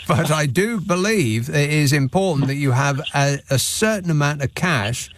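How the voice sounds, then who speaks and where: A man hosting a radio phone-in from a studio microphone, chatting with callers in a dry, self-mocking, deadpan way. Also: fairly high pitch, dry recording. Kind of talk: late-night radio phone-in chat.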